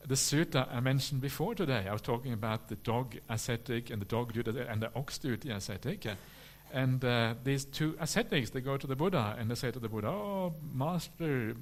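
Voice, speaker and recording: A man, a Buddhist monk, answering questions at a retreat in a relaxed, humorous way with many "uh" fillers. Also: medium pitch. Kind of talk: dharma talk question and answer.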